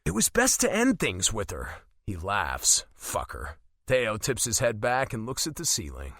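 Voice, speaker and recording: Expressive male audiobook narrator. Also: lowish voice, a little slow, gravelly, dry recording, clean studio sound. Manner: expressive, emotional, with swings in delivery. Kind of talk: first-person romance audiobook narration.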